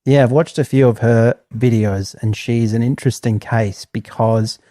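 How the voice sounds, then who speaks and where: A man's voice: mid-range voice, fairly even intonation, normal speed, dark tone, dry recording. A man co-hosting a podcast, chatting casually with wry, sarcastic riffs. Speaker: podcast co-host. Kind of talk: casual comedic chat.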